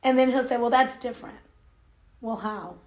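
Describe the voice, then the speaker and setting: A woman's voice: a little high, moderate pace, a little mellow. A woman in her thirties talking candidly to her viewers in a confiding, emphatic way, laughing between thoughts. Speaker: vlogger. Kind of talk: candid personal talk to camera.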